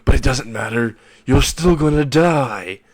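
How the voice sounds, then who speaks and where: A man voicing a smug adult male villain in a fan-made anime story, gloating through slow, drawn-out threats. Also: fairly low pitch, no room sound. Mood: menacing.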